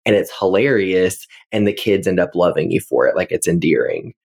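Male co-host, very low voice, dry and self-mocking, loose chatty delivery. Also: expressive, moderate pace, gravelly, a little mellow, slightly rough. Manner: wry, self-deprecating storyteller with frequent fillers. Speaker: podcast co-host, middle school English teacher. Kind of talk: casual podcast chat.

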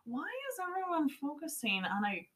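A woman's voice: sits high, sing-song, normal speed, fairly bright tone. A woman co-hosting a casual book podcast, commenting wryly on reader reviews.

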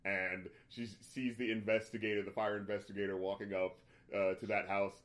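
A man's voice: on the low side, fairly quick. A man in a casual chat, retelling a movie scene by scene with lots of fillers and acted-out lines. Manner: animated retelling, acts out characters' lines, frequent fillers and swearing.

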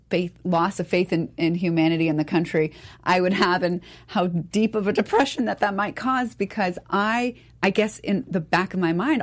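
A woman in a casual political talk, earnest and halting, searching for her words. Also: lowish voice.

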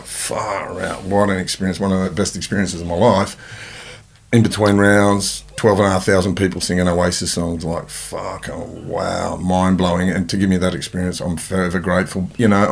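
Australian male host, very deep and gravelly, talks fast, keen and rambling. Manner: eager, rambling, frequent yeahs. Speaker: podcast host. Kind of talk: casual podcast chat.

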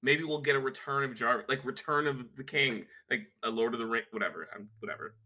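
A man's voice: medium pitch, a little fast, pushed and bright. A man hosting a podcast, chatting casually in a rambling, jokey way with many fillers. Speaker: podcast host. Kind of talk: casual chat.

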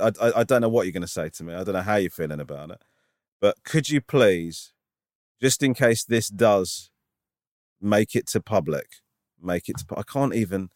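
A man's voice: on the low side, moderate pace, a little mellow, no echo, studio quality. A man co-hosting a podcast, reading a listener's email and chatting in a sincere, self-deprecating way. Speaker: podcast co-host.

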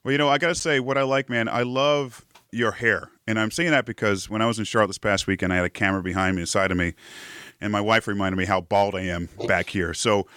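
A man's voice: fairly low pitch, steady tone, quick pace, a bit bright, clean tone, no echo, clean studio sound. A man hosting a live rugby show, chatting casually and laughing often. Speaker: podcast host.

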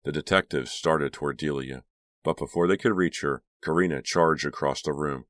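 A man reading a teen thriller novel aloud in a steady, measured audiobook narration. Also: very deep voice, no echo, studio quality. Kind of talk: scripted narration.

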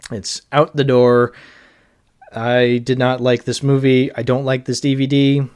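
A man in a mid-pitched voice hosts his own solo podcast. He rambles loosely, full of "like" and "um", with a dry, sardonic edge. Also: level tone, a little slow, a little mellow, smooth. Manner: rambling, sardonic, lots of fillers. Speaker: podcast host. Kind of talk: casual solo podcast talk.

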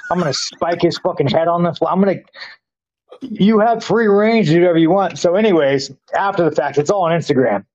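A man with a somewhat high voice talks in a blunt, crude and boastful way, swearing in nearly every sentence as a guest in a casual chat. The sound is dull and lo-fi. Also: a little fast, a little mellow. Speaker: interview guest, fighter.

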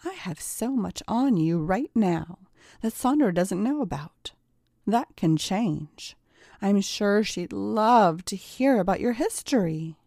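A woman's voice: mid-range voice, animated, takes it slowly, creaky, dark tone, dry recording, studio quality, full character voice. A woman voicing a scheming young woman who taunts and mocks with smug confidence. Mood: taunting. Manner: taunting, mocking.

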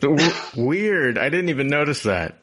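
A man in casual podcast chat, animated and joking, with plenty of swearing. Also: fairly high pitch, a little slow. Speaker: podcast roundtable guest.

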